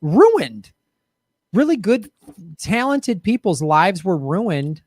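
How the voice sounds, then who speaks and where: Male podcast host, high-pitched, dry close sound, emphatic and indignant in casual chat. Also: animated, normal speed, dry recording.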